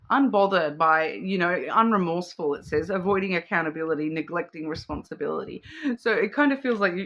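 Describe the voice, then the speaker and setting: A woman's voice: lowish voice, a bit bright, highs cut off. A woman giving a casual, rambling card reading to camera, full of fillers and restarts. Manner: chatty and rambling, with frequent fillers, self-restarts and laughs; acts out playful quoted voices. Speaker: card reader.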